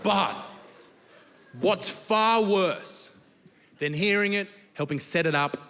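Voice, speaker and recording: Aussie guy doing filthy standup, highish voice, lots of yelling, big reverby hall w/ noise. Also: slow. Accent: Australian. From Australia. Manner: crude, profane storytelling with shouted punchlines. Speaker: stand-up comedian. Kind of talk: stand-up comedy. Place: large theatre stage with audience laughter. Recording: live show with long hall reverb and background noise.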